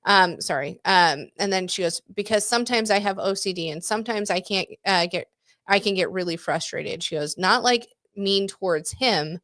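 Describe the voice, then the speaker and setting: A woman's voice: mid-range voice, normal speed, fairly bright tone, no echo, clean studio sound. A woman in her forties co-hosting a podcast, chatting candidly, swearing freely and laughing often. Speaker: podcast co-host. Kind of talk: casual chat.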